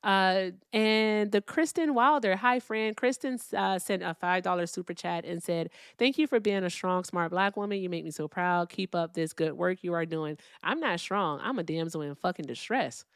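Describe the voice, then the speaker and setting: A soft-spoken woman hosting a livestream, chatting casually and swearing freely as she reads out viewer messages. Her voice sits a little low, with a smooth, clear tone. The sound is dry and close. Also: moderate pace, few pauses, no echo. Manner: profane, wry, reads out donor messages; speaks softly, not loudly. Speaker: livestream political debate host.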